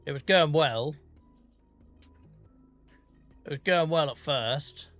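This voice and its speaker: A man with a Norfolk accent talks casually through a farming game stream, chatty and self-deprecating, muttering to himself as he plays. His voice is bright and forward. Faint music plays behind him. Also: on the high side, normal speed, no echo. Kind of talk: casual gameplay commentary.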